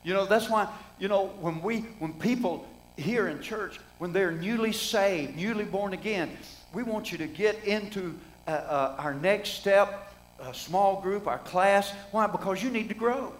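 A man's voice: high-pitched, a little slow, low-quality recording. A middle-aged man preaching a sermon in a folksy, conversational way, asking the congregation rhetorical questions.

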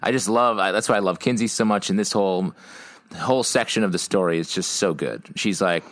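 A man's voice: low voice, brisk, a bit bright, no room sound. A man on a podcast, chatting casually and joking, laughing at his own quips. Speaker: podcast co-host.

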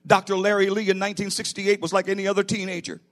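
High-voiced preaching man, flat delivery. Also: quick pace. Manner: preaching with rising, emphatic bursts. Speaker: pastor. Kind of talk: sermon. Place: church.

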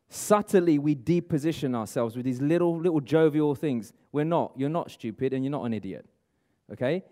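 A man giving a lively motivational seminar talk, asking the room and viewers at home questions. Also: fairly high pitch. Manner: energetic, coaching, asks the audience questions. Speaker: motivational speaker. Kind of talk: live seminar talk to room and online audience.

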